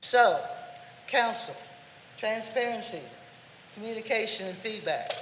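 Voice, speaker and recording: A woman's voice: on the low side, measured pace, fairly bright tone, slight background noise. A woman telling a folksy, playful story during public comment at a city council meeting, in an echoey chamber. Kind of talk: storytelling at a podium.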